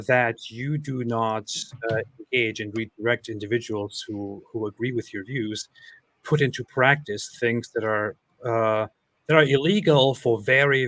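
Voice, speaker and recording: A man's voice: medium pitch, fairly bright tone, dry recording. Dry-voiced man mocking quoted opponents. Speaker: live show co-host. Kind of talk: heated casual discussion.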